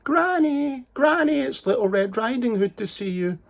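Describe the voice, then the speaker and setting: A man's voice: extremely high pitch, expressive, normal speed, creaky, pitched above the performer's own voice, heavily acted. A man voicing Little Red Riding Hood, a sweet, polite little girl, in a children's storybook reading. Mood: bright polite.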